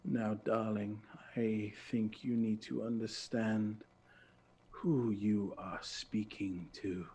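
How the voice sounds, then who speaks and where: A man's voice: lowish voice, fairly even intonation, takes it slowly, warm tone, a little hiss or hum. A man voicing a scheming female villain who talks down to others in a purring, patronizing way, sometimes dropping to a whisper. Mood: icy, condescending.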